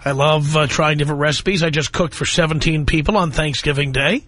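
A man's voice: on the high side, fairly quick, a crowd in the background. A middle-aged man hosting a call-in radio talk show, blunt and lecturing, with dry sarcasm toward callers.

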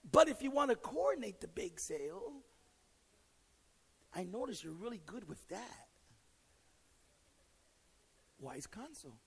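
A male pastor delivers a sermon in a rough, husky voice with a gravelly grain. He is blunt and funny, often restarting his words as he tells stories from his own life. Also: sits high, very animated, normal speed, big-room sound, low-quality recording. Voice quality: raspy, gravelly. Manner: direct, joking, self-deprecating. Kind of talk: sermon with storytelling.

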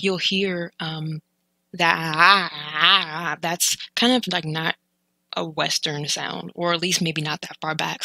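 A woman explaining phrases from a TV clip in a chatty way, repeating words slowly to show how they sound. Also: low-pitched, pushed and bright, dry recording, rough recording. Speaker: language learning vlogger.

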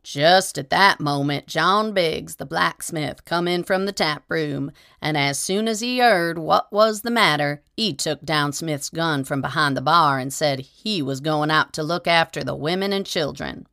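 Low-voiced woman reading a story. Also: creaky, dry recording, clean studio sound. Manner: steady, measured storytelling. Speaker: audiobook reader. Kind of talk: scripted narration of a short story.

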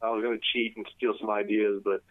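A man's voice: lowish voice, little pitch movement, quick pace, no room sound. A man co-hosting a casual comedy podcast, with dry wisecracking remarks. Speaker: podcast co-host. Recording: tinny dry phone-like line.

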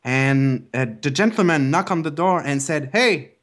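A man's voice: fairly high pitch, normal speed. A young man making a prank call, complaining in an overly dramatic, stammering way. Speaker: prank caller.

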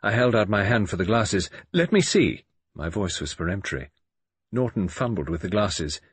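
Low, breathy male audiobook narrator. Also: normal speed, dry recording. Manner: dramatic, expressive reading. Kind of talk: first-person audiobook narration.

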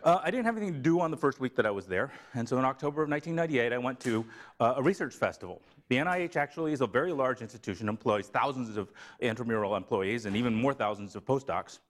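A man from Tennessee giving a seminar talk in a lively, joking way. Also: mid-range voice, fast. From Tennessee, USA. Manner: animated, joking, slips into a put-on Southern drawl for a gag. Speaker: seminar speaker. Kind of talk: lively academic lecture. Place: lecture room.

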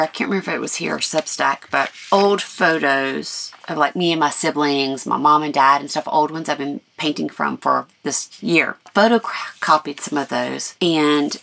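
A middle-aged woman artist chatting casually in a vlog, rambling and thinking out loud, her voice scratchy and tired, partly recorded outdoors at a lakeside campground. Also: sits low, gravelly. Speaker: artist vlogger.

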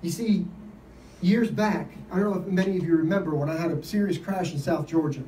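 A man giving an informal sermon, telling stories in an animated way and laughing often. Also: fairly high pitch, fairly quick, reverberant, distant mic, slight background noise, low-quality recording. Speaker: lay preacher. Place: event gathering.

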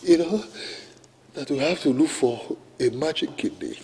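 An actor with a Nigerian accent playing a proud, quick-tempered rich chief and husband in a film drama, talking with emphatic, indignant outbursts. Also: male voice, a little high, lively intonation, gravelly, mellow, in a large hall. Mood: angry.

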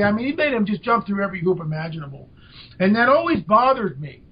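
An older man, a podcast guest, telling a story with lively emphasis. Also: sits high, fast. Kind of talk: storytelling in an interview. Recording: dull lo-fi audio.

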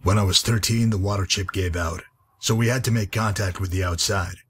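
A man voicing a gruff, grizzled wasteland guide in a video game, with a husky, dry and weary delivery. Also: sits low, fairly even intonation, a little fast, a bit bright, a little hiss or hum. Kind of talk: game character dialogue.

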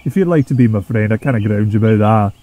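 A man voicing a grumpy, blunt male steam engine with a Scottish accent, gruff and grumbling. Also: on the low side, fast, mellow, lightly acted. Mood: grudging.

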